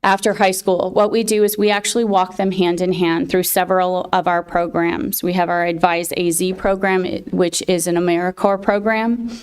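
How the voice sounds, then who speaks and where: A woman presenting her college access programs to a county board, speaking with many fillers and pauses. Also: on the low side, little pitch movement, smooth. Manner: halting, many fillers, emotional thanks. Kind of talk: public presentation at a board meeting.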